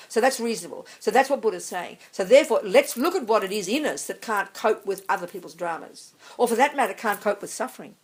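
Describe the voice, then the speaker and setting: A woman, a Buddhist nun, giving an animated dharma talk and answering audience questions. She often checks that listeners follow and calls them darling. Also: a little high, fast talker, hardly any pauses.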